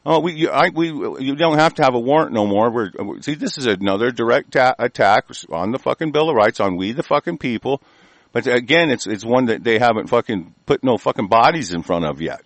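Male talk-show host, angry profane rant, mid pitch, dry close sound. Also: animated, brisk, no echo. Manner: angry, profane, rambling with restarts.

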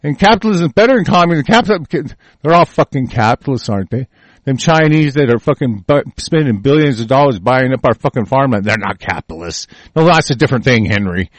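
A man's voice: medium pitch, lively intonation, quick pace, no echo. A man delivering a heated, profane political rant, stumbling over his words.

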